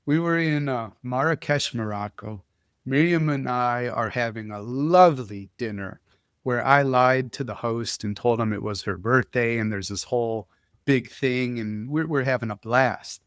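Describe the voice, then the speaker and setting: A man hosting a podcast who tells stories in an animated, casual way, often restarting his sentences. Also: mid-range voice, unhurried, clear, resonant tone, dry recording, studio quality. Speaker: podcast host. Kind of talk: casual conversational storytelling.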